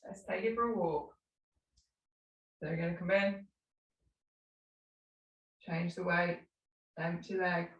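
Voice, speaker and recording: A woman teaching a live tai chi class, calmly cueing slow movements with unhurried asides. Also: fairly low pitch, dull audio. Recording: echoey room, mic at a distance.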